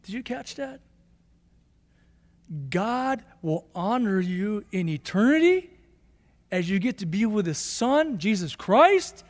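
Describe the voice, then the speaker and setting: A man preaching a sermon as pastor, emphatic and repetitive, rising to excited bursts. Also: high-pitched, slow pace, pauses often, big-room sound.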